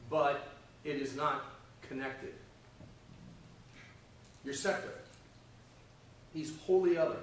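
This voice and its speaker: A man teaches a Sunday school Bible lesson in a plain, mid-pitched voice. He talks conversationally and keeps asking "okay?" and "right?". The mic is far from him, so his voice comes across in an echoey church classroom. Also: takes it slowly, long pauses, a little hiss or hum. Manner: checks in often with "okay?" and "right?".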